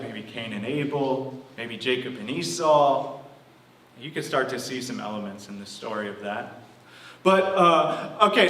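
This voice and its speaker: Animated male pastor preaching in an echoey church. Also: medium pitch. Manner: animated storytelling, acting out quoted voices. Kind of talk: sermon. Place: church hall. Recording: echoey room, from a distance.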